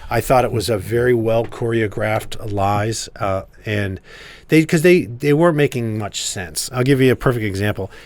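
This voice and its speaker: A man's voice: on the low side, normal speed. A man who is a congressman, a guest in a casual podcast interview, telling stories emphatically. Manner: storytelling, emphatic.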